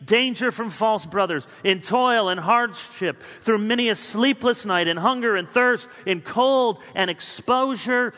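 A man preaching a sermon as a pastor, building through spoken lists and then dropping quiet for emphasis. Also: sits high. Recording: long hall reverb.

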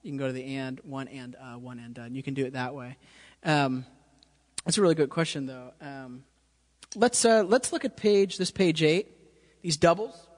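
In a reverberant room with drums going, a man with a fairly high voice runs a casual drum lesson at normal speed. He keeps checking whether his student is following with a frequent "okay?"

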